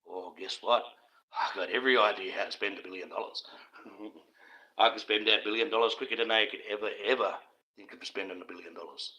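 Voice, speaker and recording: A man's voice: fairly low pitch, brisk, sharp tone, rough recording. An Australian man ranting on a live stream in a casual, profane, conspiratorial monologue, often breaking into laughter.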